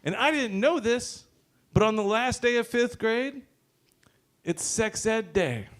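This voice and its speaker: A man's voice: extremely high pitch, animated, slow pace, a bit bright. A man in his thirties hosting an open mic and doing a loose stand-up set, joking, swearing and chuckling between lines on a handheld stage mic.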